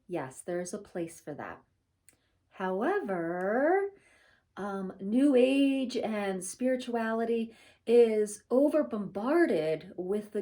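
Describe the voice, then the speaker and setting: A woman's voice: medium pitch, mellow. A woman in her forties talking casually to camera as a spiritual vlogger, chatty and laughing often, with many fillers.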